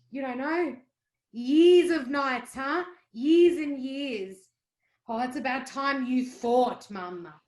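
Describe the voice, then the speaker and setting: A bitter, pregnant young wife, read by a woman lashes out, sarcastic and heated. The voice is high, and the room adds a noticeable echo. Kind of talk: cold-read play reading. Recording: roomy echo.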